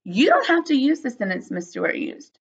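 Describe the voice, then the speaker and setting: A woman teacher giving a slow, patient early-grade phonics lesson, spelling out letters and sounding out words. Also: a little high, sing-song, vocal fry, slightly rough, dull audio.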